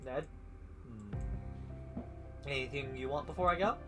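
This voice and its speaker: Over music, a man with a mid-range voice streams a visual novel, speaking a little slowly but with animation. He voices the narration and each character alone, sometimes tripping over words and slipping in his own remarks.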